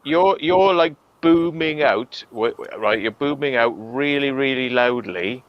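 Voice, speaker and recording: A man's voice: medium pitch, measured pace, dry recording, highs cut off. A man hosting a casual chat over an online call, blunt and ranting with lots of swearing. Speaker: host.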